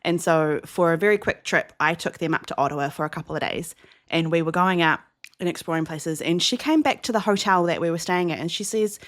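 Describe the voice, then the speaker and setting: Lively New Zealand woman telling stories. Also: on the low side, a little fast. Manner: animated storyteller, acts out quoted voices. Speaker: podcast co-host. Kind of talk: casual chat, storytelling.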